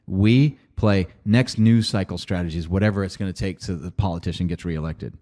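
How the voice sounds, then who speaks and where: A man's voice: low-pitched, normal speed, dark tone. A man hosting a lawyer's podcast, reacting to a radio clip with emphatic, alarmed commentary and repeated warnings.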